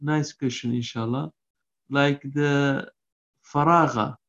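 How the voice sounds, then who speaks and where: A man giving a lecture on Quran commentary, reciting Arabic verses quickly and then explaining them in halting English with many restarts. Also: medium pitch, fairly even intonation, a bit bright. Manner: frequent restarts and fillers. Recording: dull lo-fi recording.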